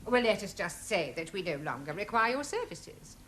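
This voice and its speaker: A woman's voice: mid-range voice, very animated, moderate pace, a bit bright. An actress playing a stern female school principal who speaks in a prim, formal, cold way.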